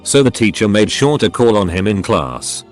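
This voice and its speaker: A man doing scripted story narration in an expressive way, acting out the quoted lines. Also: on the low side, normal speed. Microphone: studio voice-over mic. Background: faint background music.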